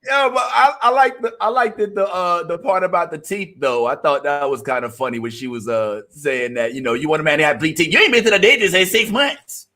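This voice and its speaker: Texan male co-host, high bright tone, relaxed mumbly delivery, video-call sound. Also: fairly quick, few pauses. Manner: laid-back, trailing off with mumbled asides. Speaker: podcast co-host. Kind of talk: casual chat.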